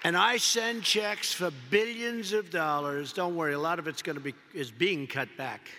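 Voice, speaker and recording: Rambling politician booming in a big hall. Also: male voice, normal speed, pushed and bright, a faint crowd, a little hiss or hum. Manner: rambling, repetitive, heavy on superlatives. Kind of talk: rally speech. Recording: long reverb of a large hall.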